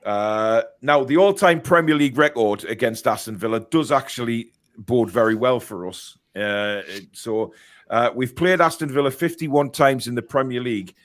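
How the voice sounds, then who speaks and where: A man hosting a football podcast, chatty and quick to laugh, reading out listener comments and match statistics. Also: mid-range voice. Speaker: podcast host. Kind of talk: casual chat.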